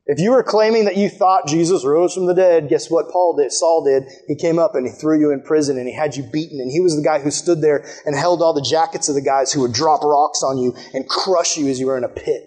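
A young man delivering a sermon with a somewhat high voice. He moves between quiet, earnest stretches and loud, excited bursts. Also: fairly quick, hardly any pauses. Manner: impassioned, swings from hushed to shouting with excitement. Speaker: pastor.

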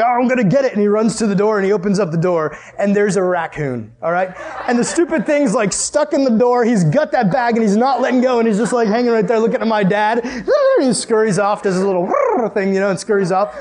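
A young man with a high voice tells a campfire-style story to a youth group, bubbly and full of "like". He laughs often and keeps things loose before turning to Bible study. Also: brisk, hardly any pauses, a crowd in the background.

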